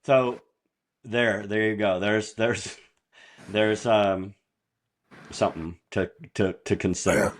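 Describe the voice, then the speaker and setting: A man's voice: fairly low pitch, steady tone, slow, long pauses. A man in casual podcast chat, telling rambling business anecdotes and chuckling as he goes. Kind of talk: casual storytelling.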